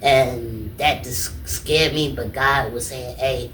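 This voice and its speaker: A man's voice: mid-range voice, steady tone, slow, fairly bright tone, a little hiss or hum. A man being interviewed as a guest comedian and artist, telling stories casually and animatedly, often saying "you know what I'm saying" and acting out quotes. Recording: roomy, distant mic, faint ambience.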